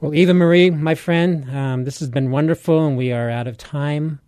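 A man's voice: a little high, steady tone, moderate pace, darkish tone, no echo. Man hosting, gracious sign-off. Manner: gracious, wrapping up politely. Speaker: podcast host. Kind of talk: closing an interview.

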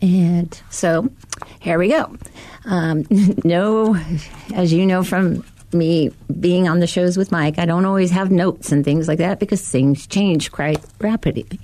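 A woman's voice: on the low side, steady tone, slow pace, warm tone. A woman who co-hosts a ministry show and leads women's groups, giving an earnest devotional talk. She repeats phrases for emphasis and asks many rhetorical questions.

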